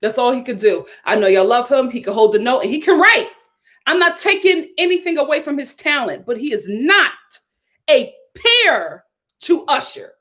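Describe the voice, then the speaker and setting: A young woman from Philadelphia hosting a live stream, reading viewer comments with sassy, animated chat and frequent laughter. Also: high-pitched, moderate pace.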